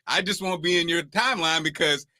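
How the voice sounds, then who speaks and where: Bright, high-voiced man hosting a chat. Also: moderate pace, no room sound. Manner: laughs through his points, animated storytelling. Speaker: podcast host. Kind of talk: casual chat.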